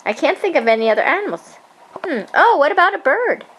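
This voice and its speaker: Woman, home video with her toddler; playful, encouraging, fairly high voice, faint hiss behind. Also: sing-song, fast talker, fairly bright tone, rough recording. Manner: sing-song, encouraging, playful. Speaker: parent talking with a toddler. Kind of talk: home video, coaxing a small child.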